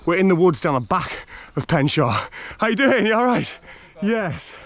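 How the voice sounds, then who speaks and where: A running vlogger from North East England, speaking in that accent, gives casual, out-of-breath commentary on a trail run across an outdoor hill and woodland trail. He's chatty and cheery, laughing often and greeting runners along the way. His high voice is a bit bright, with big pitch swings at a moderate pace.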